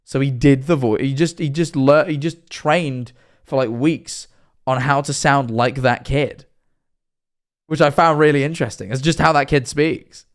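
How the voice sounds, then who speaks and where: A man's voice: mid-range voice, a little slow. A young man, chatting and joking with viewers during a live-stream reaction.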